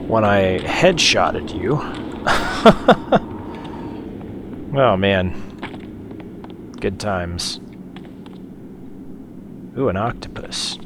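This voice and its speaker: A man's voice: sits low, drawn-out words, creaky, pauses often, noisy background. A man hosting a game playthrough, chatting and joking with mild swearing as he plays. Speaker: let's play host. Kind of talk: casual gameplay commentary.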